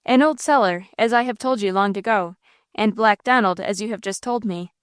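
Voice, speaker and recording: A woman's voice: medium pitch, moderate pace, smooth, dry recording, studio quality, lightly acted. A woman voicing a hot-tempered old man in an audiobook, scolding and blustering. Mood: agitated.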